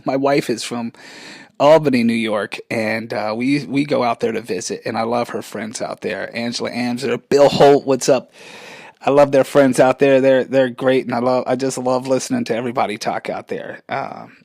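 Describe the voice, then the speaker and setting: A podcast host in his forties, speaking at medium pitch, rambles through a casual rant in a chatty, loose way, often trailing off and starting over. The sound is studio quality with no echo.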